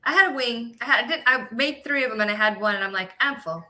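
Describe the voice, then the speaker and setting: A woman co-hosting a casual livestream, giggly, excitable and quick to apologize. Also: fairly high pitch. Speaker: livestream co-host.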